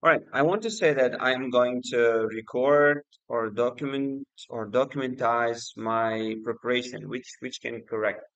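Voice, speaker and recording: A man's voice: medium pitch, unhurried, few pauses, a bit bright, no echo, muffled recording. A man hosting a casual livestream, speaking hesitantly with many fillers and restarts. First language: Uzbek. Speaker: livestream host and exam student.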